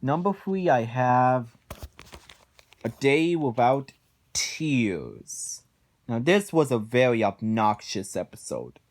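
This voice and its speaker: A man's voice: medium pitch, big pitch swings, slow. A man giving a casual spoken review of cartoon episodes, exasperated, sighing often and rambling through his points.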